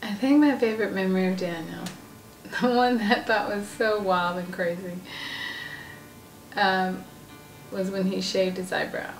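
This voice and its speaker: A woman telling family stories in a casual chat, animated, acting out quotes. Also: a little slow, long pauses, reverberant, recorded from a distance, soft background music, poor audio. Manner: animated, acts out quotes in a high voice.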